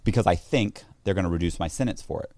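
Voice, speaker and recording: Speaking quickly in a low-pitched voice, an interview guest tells a story in a casual conversation. He acts out the quoted voices with animation, and no room sound is audible.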